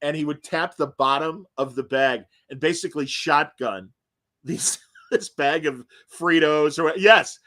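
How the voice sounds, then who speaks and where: A man hosts a podcast with a fairly high pitch and a somewhat slow delivery. The talk is a casual look back at old times, full of laughter, animated storytelling and acted-out quotes.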